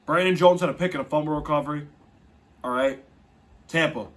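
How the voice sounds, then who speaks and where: The same kind of football podcast rant comes again from a young man: exasperated, profane and emphatic, delivered as the show's host. This time his pitch is fairly high and his delivery brisk.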